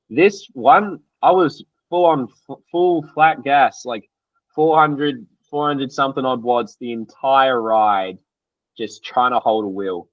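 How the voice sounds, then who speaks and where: A young Australian man, an athlete guest, telling race stories in an animated, slangy way and acting out what others said. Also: on the low side, dry recording. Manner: animated, acts out quotes, loose and slangy. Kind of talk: casual storytelling interview. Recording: dry, slightly dull podcast audio.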